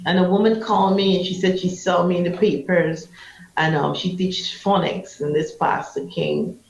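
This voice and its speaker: A woman's voice: fairly low pitch, steady tone, normal speed. Impassioned Guyanese woman telling a story. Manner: impassioned, vivid storyteller acting out quotes. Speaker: anti-trafficking activist. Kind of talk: emotional personal storytelling interview. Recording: roomy, slightly muffled.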